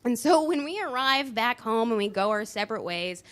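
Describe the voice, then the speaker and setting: A woman tells a story live on stage into a microphone, with a high, bright voice. She is animated, leaning on dramatic pauses and sudden shifts of voice. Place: dance studio venue, live show.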